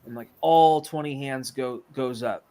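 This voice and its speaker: A man's voice: medium pitch, unhurried, mellow. A man in casual chat, rambling through a joke with many restarts.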